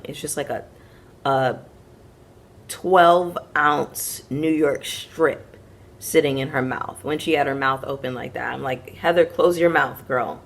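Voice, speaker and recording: A woman's voice: sits low, slightly rough. A woman hosting a casual reality TV recap, chatting frankly to her viewers and acting out the quotes as she retells each scene.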